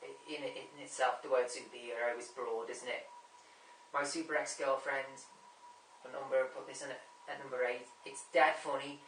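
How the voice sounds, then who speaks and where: A man's voice: medium pitch, little pitch movement, normal speed, a bit bright, a little hiss or hum. A man chatting casually about films, rambling and repeating himself as he forgets names. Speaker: movie vlogger ranking a top ten. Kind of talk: casual rambling film chat. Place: room at home. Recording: echoey room, mic at a distance.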